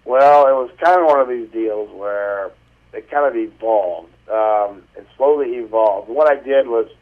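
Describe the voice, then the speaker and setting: A man's voice: medium pitch, a little slow. A man who is a guest and pig farmer, telling stories in a rambling, salty, folksy way during a casual phone interview. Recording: tinny phone line.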